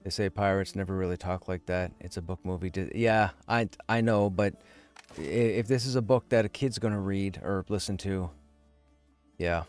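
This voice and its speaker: A man with a low, clear, resonant voice live-streams a game at a moderate pace, with soft music playing in the background. He chats casually with his viewers, joking around and poking fun at himself.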